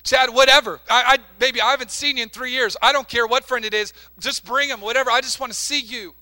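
An eager, doting mother speaks in a raised, very bright voice, as a preacher puts her on. She fusses warmly over her son in a quick, high register. The voice has a tense, sharp edge. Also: heavily acted. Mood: excited. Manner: excited and fussing, then hesitant.

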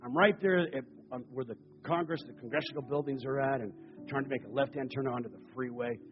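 A man preaching a sermon, telling stories in an animated way that swings between loud passages and hushed ones. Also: mid-range voice, fast talker, long reverb tail, lo-fi sound, soft background music.

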